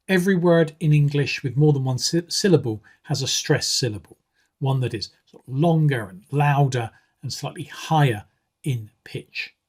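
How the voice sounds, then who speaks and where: Husky-voiced man teaching a lesson. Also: mid-range voice. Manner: measured, with frequent um and uh fillers. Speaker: English exam teacher. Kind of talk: explanatory video lesson.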